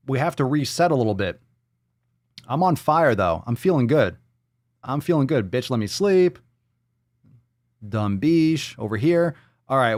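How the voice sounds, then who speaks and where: Male podcast host, profane and mocking, lively pitch, dry close mic. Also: no echo. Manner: sarcastic, profane, jumps into silly voices. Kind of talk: casual live show banter.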